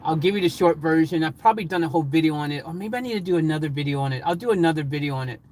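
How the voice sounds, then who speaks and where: A man chatting casually on a livestream, reading out chat comments and rambling excitedly with frequent laughter. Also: fairly high pitch, rapid-fire, rough recording.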